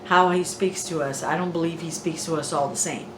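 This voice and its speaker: A woman in a casual faith discussion, speaking gently and reflectively. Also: sits low, steady tone, brisk. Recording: echoey room, faint noise.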